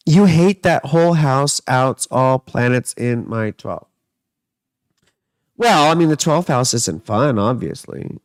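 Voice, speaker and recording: This mid-range male voice comes through with no room sound. He reads tarot and does astrology, chatting loosely with livestream viewers and responding to their comments, wandering between jokes and musings in a playful way.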